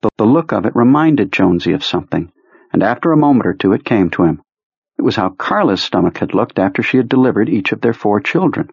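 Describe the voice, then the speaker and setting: A man narrating an audiobook in a measured, low-key storytelling manner. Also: big pitch swings, gravelly, husky, no room sound. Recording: dry, slightly muffled recording.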